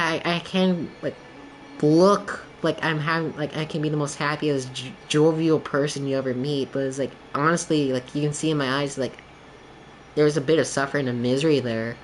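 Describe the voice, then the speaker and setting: A man's voice: a little high, a little hiss or hum. A young man streaming a game, chatting casually in a rambling, candid way, leaning heavily on the filler "like". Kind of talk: casual chat while gaming.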